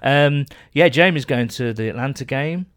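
A man's voice: medium pitch, moderate pace, fairly bright tone. A man co-hosting a podcast, chatting and joking in casual banter. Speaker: podcast co-host.

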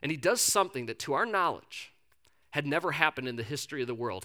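Bright-voiced male pastor preaching. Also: a little high, quick pace. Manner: conversational, animated storytelling. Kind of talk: sermon.

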